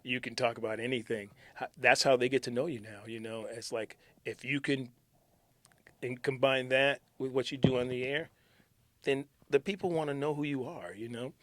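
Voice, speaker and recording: A man's voice: medium pitch, fairly even intonation, normal speed, dry recording. A middle-aged man, a former morning radio host, telling stories in a casual interview, joking and laughing often. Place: radio station.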